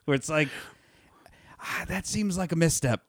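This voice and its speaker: A man's voice: a little high, normal speed, no echo, clean studio sound. A man co-hosting a casual movie-talk podcast, rambling and wry, with frequent restarts. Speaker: podcast co-host. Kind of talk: casual chat.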